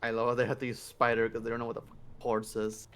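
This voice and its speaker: A man's voice: mid-range voice, completely flat delivery, quick pace, a bit bright, smooth. Wisecracking man player. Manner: playful, wisecracking. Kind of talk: casual chat at a tabletop game.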